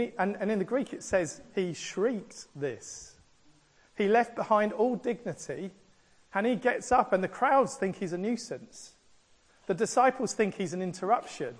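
A man preaching a sermon, telling the story in a lively way and acting out the voices in it. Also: high-pitched. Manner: animated storytelling delivery, acts out quoted voices.

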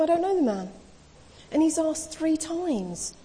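Woman preacher, high mellow voice, casual storytelling sermon, reverberant hall. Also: big pitch swings, a little slow. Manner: storytelling, acts out quoted dialogue in casual speech.

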